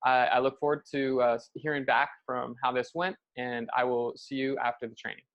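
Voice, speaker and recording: A man's voice: medium pitch, fairly even intonation, normal speed, highs cut off. A man hosting a recorded session, upbeat and encouraging as he introduces the upcoming training. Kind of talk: promotional introduction.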